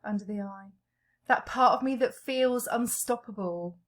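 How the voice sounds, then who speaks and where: Her voice on the high side, a woman leads guided EFT tapping, announcing each tapping point with slow gentleness.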